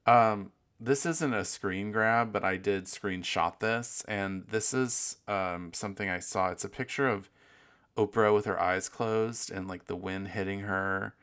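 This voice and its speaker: A man's voice: fairly low pitch, a little slow, fairly bright tone, clean tone. A man hosting a casual solo podcast, rambling and swearing freely and making fun of himself as he goes. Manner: rambling, profane, self-mocking. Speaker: podcast host.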